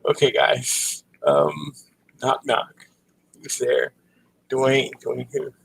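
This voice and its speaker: A man's voice: mid-range voice, very animated, very slow, creaky, a bit bright, breathy edge, rough recording. A man hosting a casual livestream, reading out dad jokes and cracking himself up with laughter. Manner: giggly, breaks into laughter at own jokes. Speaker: livestream host.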